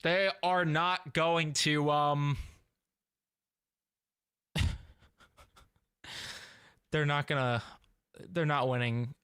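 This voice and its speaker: A man's voice: on the high side, steady tone, extremely slow, pauses often, a bit bright, smooth. A young man ranting in a casual fan reaction video, exasperated and laughing in disbelief.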